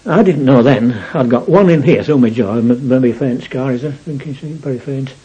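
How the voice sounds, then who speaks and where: A man's voice: mid-range voice, brisk, warm tone, breathy edge, muffled recording. An older man recounting his war memories in a rambling storytelling way, often adding "you see". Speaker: war veteran interviewee.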